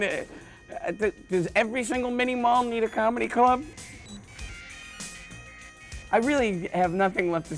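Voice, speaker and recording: A man who is a stand-up comedian, rambling through deadpan jokes with lots of stammers and restarts. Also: a little high. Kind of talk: joking interview monologue.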